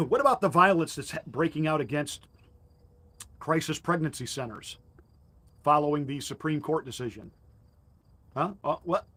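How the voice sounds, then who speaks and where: A man's voice: fairly high pitch, animated, normal speed, pauses often, pushed and bright, slightly rough. A male pastor delivering a combative, mocking political commentary monologue with emphatic jabs.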